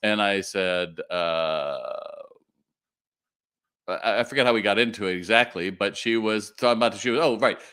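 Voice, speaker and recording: A middle-aged man from California hosting a live retail Q&A stream, talking in an animated way and often asking viewers to respond. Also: lowish voice, smooth. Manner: animated, quick asides and audience calls to respond.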